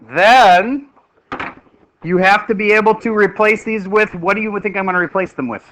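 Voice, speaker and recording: A middle-aged man teaching a math class, lively and joking as he quizzes his students. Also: sits high, normal speed, low-quality recording.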